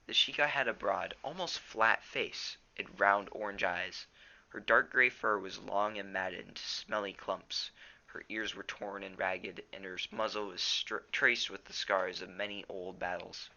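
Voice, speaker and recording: A man's voice: sits low, fairly even intonation, measured pace, creaky, pushed and bright, highs cut off. A teenage boy reading a novel aloud at home, plainly, with small stumbles. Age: teens. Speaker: reader.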